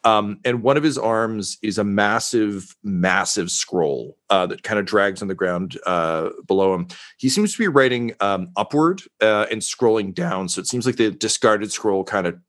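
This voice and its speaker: A man's voice: fairly low pitch, expressive, moderate pace, hardly any pauses, fairly bright tone. A man narrating a tabletop game as game master, rambling with many fillers.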